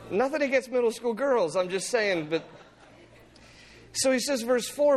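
A male pastor preaching a sermon in an animated, playful way, acting out the scripture as he goes. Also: very high-pitched, moderate pace.

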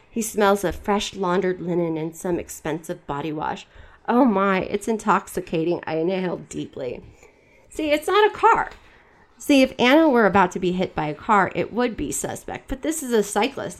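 On her podcast, a woman reads fan fiction aloud in a dramatic voice, then breaks off for wry, mocking commentary between passages. Her voice sits low and is expressive, at a moderate pace.

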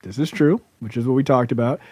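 A man's voice: mid-range voice, quick pace, dark tone, husky, no echo, studio quality. A man co-hosting a podcast, chatting casually about a film, loose and profane, laughing often. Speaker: podcast co-host.

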